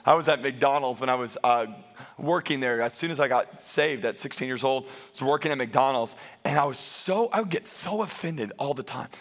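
A man preaching a sermon to a congregation in church, telling lively stories with jokes at his own expense. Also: medium pitch, brisk. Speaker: pastor.

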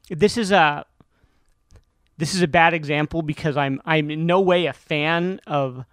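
Guy with a kinda high cartoony voice, guest on a podcast, keeps restarting sentences, dry close sound. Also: fairly bright tone, no echo. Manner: halting, self-interrupting, with frequent restarts. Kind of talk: casual interview chat.

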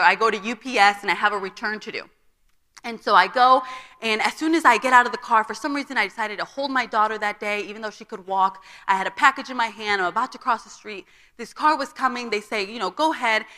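A woman's voice: a little high, bright, forceful tone. A young woman giving a personal testimony at a church conference, telling her story and acting out the dialogue. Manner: storytelling, acts out quoted dialogue. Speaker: conference speaker. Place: church auditorium. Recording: long reverb of a large hall.

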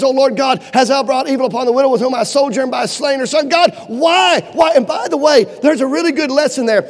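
High-pitched fervent male preacher in a reverberant hall. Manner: fervent, swinging between loud urgent pleading and low hushed lines. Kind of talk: sermon.

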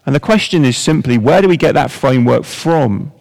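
A male preacher speaking in a middle-pitched voice to a congregation, posing wry rhetorical questions in an easy, conversational tone. His voice carries a long reverb from a large church hall. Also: expressive, brisk, creaky, a little mellow. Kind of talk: sermon.

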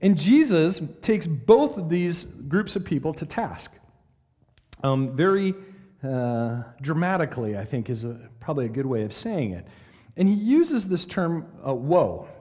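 Male Bible teacher, mellow voice on the higher side, lively delivery, big reverberant hall. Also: unhurried. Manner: animated, asks listeners questions, reads verses dramatically. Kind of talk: conversational Bible lesson.

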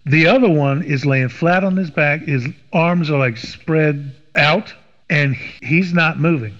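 Slightly high-voiced and unhurried, this middle-aged man from Washington, D.C. is a podcast guest spinning an animated story in casual talk. He performs the voices of the people in it, and the recording is dull and lo-fi with a long reverb tail.

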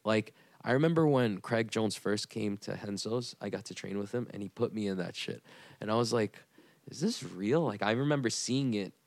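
Profane, low-voiced man chatting casually. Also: normal speed, no echo. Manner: loose and profane, full of fillers. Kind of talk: casual chat.

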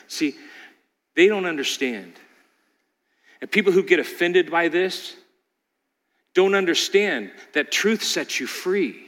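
A man's voice: a little high, expressive, a little slow, pauses often, fairly bright tone. A man preaching a dramatic sermon, asking the congregation rhetorical questions. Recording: long hall reverb.

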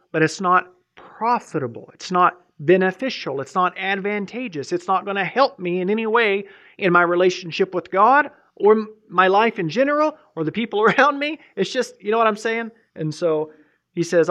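A male pastor delivers a sermon in a loose, conversational way. He wanders through asides and restarts his thoughts often, and his voice sits a little high. The recording sounds dull and lo-fi. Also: moderate pace, fairly bright tone. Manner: rambling, informal, many fillers and restarts. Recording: muffled lo-fi recording.

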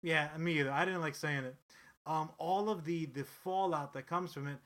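A man's voice: on the high side, moderate pace. A man co-hosting a podcast, chatting casually in a rambling, profane style with frequent restarts. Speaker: podcast co-host. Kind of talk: casual chat.

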